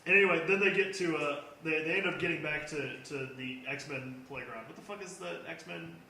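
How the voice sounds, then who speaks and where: A man's voice: a little high, brisk, vocal fry, pushed and bright, reverberant, distant mic, a little hiss or hum, low-quality recording. A young man chatting casually about comics on a podcast, rambling and swearing with many restarts. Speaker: podcast co-host.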